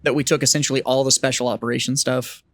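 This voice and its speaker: A man's voice: mid-range voice, flat delivery, fast, a bit bright, dry recording, clean studio sound. A man co-hosting a podcast, a veteran who is not a Marine, joking and swearing emphatically in casual banter.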